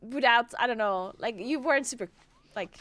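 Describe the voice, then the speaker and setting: A woman's voice: fairly high pitch, normal speed, fairly bright tone, no echo. A young woman from Tyrol, chatting casually on a game stream, full of fillers and swearing. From South Tyrol. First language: German dialect. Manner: chatty, many "like" fillers, swears, laughs often. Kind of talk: casual live-stream chat while gaming.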